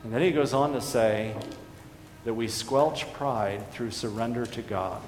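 Pastor guy preaching, earnest, punchy then quiet, lots of church echo. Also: medium pitch, a little slow, soft background music. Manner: earnest preaching that swings between emphatic and hushed. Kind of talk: sermon. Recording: echoey hall reverb with faint background noise.

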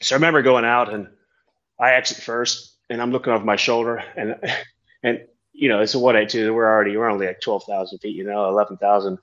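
A man's voice: lowish voice, fast talker. Aussie guy rambling through a skydiving story, cusses a lot, sound kinda dull. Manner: rambling, animated, swears freely. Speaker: tandem skydiving instructor. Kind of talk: casual storytelling chat.

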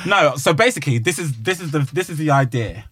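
A man's voice: fairly high pitch, expressive, fast, fairly bright tone, slightly rough, no echo, studio quality, faint music behind. A man, co-hosting a podcast and chatting casually about his dating life, acting out what others said. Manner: chatty storyteller who acts out other people's lines. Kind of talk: casual chat.

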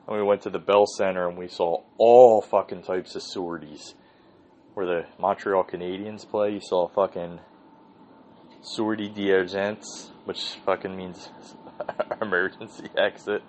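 A man's voice: low voice, steady tone, a little slow, darkish tone, slight background noise, low-quality recording. A man hosting his own podcast, telling a rambling, profane story in a casual solo monologue. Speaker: podcast host.

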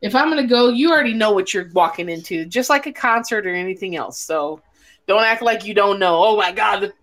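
A woman's voice: mid-range voice, a little fast. A woman hosting a casual chat, telling stories bluntly and swearing a lot. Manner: blunt, profane, animated storytelling. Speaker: podcast host.

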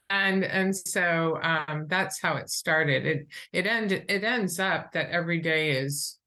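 A middle-aged woman on a podcast speaks with a slightly low voice. She tells her stories animatedly, dropping into the voices of the people she quotes, and laughs now and then. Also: slow, bright, forceful tone. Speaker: author and sobriety coach, podcast guest. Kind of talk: conversational interview.

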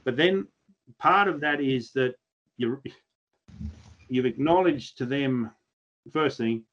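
A man's voice: medium pitch, takes it slowly, a bit bright, highs cut off. An Australian man chatting as a podcast guest, telling blunt, earthy stories with mild swearing. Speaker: podcast guest, pig hunter. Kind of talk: casual podcast chat.

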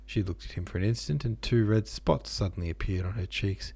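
Man reading a classic novel, low gravelly voice, dark tone. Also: brisk, dry recording. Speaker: audiobook narrator. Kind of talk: literary audiobook reading.

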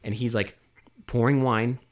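A man's voice: mid-range voice, steady tone, unhurried. Exasperated man ranting about a film. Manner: exasperated, swearing, rambling. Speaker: podcast co-host. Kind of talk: casual movie review chat.

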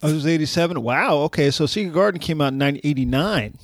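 A man's voice: a little high, animated, fast, dry recording, studio quality. A man in a casual, laughing conversation about old music, reminiscing as he talks.

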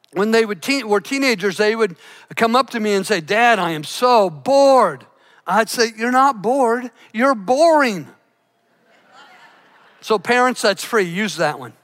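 Fervent pastor with a bright high voice. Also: male voice. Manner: fervent, repeats words and restarts often. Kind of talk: sermon. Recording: church hall with long reverb.

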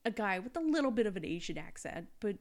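A woman's voice: medium pitch, very animated, fast talker, creaky. A young adult woman hosting a casual true-crime chat, telling the story with sarcastic asides. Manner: storytelling, sarcastic asides, quotes people in mock voices. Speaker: podcast host.

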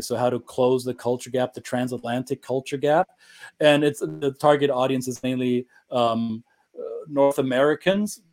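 A man's voice: mid-range voice, a little mellow. A man from Germany with a German accent tinged by the US Upper Midwest and Southeast, chatting casually as an interview guest with playful, dry joking. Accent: German, with US Upper Midwest and Southeast traces. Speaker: guest, cultural coach.

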